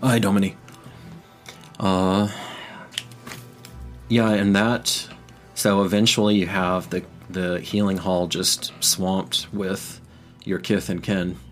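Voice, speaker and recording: Deep-voiced man narrating as game master. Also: little pitch movement, slow, pauses often, faint music behind.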